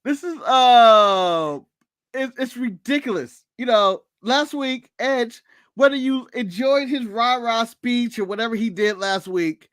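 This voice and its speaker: A man's voice: extremely high pitch, slow, fairly bright tone, clear, resonant tone, dry recording. A man from the United States co-hosting a casual podcast, ranting sarcastically with laughs and swearing. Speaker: podcast co-host.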